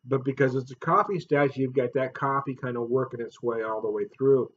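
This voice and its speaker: A man hosting a casual beer review vlog, chatty and jokey, laughing often and swinging up loud and high. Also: fairly quick, muffled recording, slight background noise.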